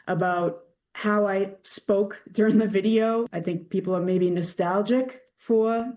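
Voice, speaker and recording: A woman's voice: mid-range voice, unhurried, dark tone. A female journalist talking casually in an interview. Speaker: reporter.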